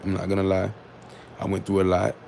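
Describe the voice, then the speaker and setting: A man talks straight to his livestream chat in a low, gravelly voice. He rambles and restarts, and his tone is sarcastic and candid. A faint noise sits under the recording. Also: completely flat delivery, a little fast. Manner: switches to loud scolding of commenters. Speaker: livestream host. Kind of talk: casual livestream talk to chat.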